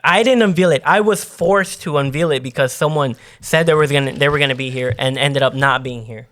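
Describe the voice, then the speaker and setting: Co-host, man, average voice, casual, keeps cutting in with quick questions. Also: medium pitch, fairly bright tone. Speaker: podcast co-host. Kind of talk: casual chat.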